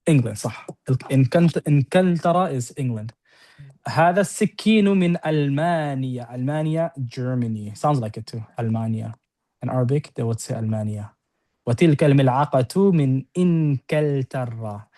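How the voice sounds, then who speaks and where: A man teaching an Arabic lesson to a class, explaining quickly and often checking in with "right?". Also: mid-range voice, dark tone. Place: classroom with students on-site and online.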